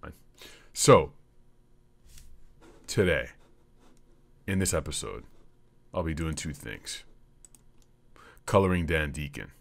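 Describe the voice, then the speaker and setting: A man's voice: sits low, takes it slowly, pauses often, fairly bright tone. A man hosting a comedy podcast, rambling through a profane, jokey monologue. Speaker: podcast host.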